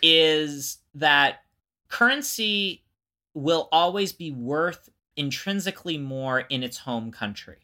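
Bright-voiced explaining podcast co-host. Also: medium pitch, animated, slow pace. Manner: explains at length, restarts and circles back. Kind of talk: casual explanatory chat.

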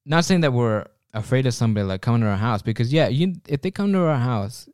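A man co-hosting a casual podcast, rambling loosely and making fun of himself as he goes. His voice is smooth and clear at a medium pitch. It is recorded close and dry. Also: animated, fast talker, a little mellow, no room sound. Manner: rambling, self-mocking humor with frequent restarts. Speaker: podcast co-host.

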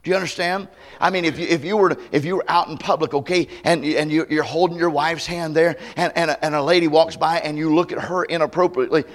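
A man's voice: on the high side, steady tone, fast talker. A man pastor preaching a sermon, emphatic, putting rhetorical questions to the congregation. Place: church campmeeting service.

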